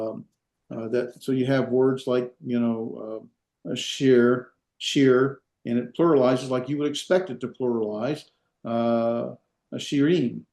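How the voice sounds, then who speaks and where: A man teaching a classroom lesson, halting with fillers and restarts, with dry asides. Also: medium pitch, a little mellow. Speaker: Hebrew teacher. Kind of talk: classroom lecture. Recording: echoey classroom.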